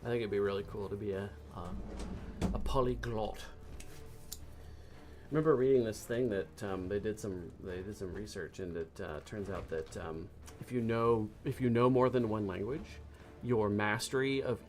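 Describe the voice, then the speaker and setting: A low-voiced man talks casually over a multiplayer strategy game, rambling into long jokes and cracking up at his own punchlines. Faint game music plays underneath his voice. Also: steady tone, normal speed. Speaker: gamer.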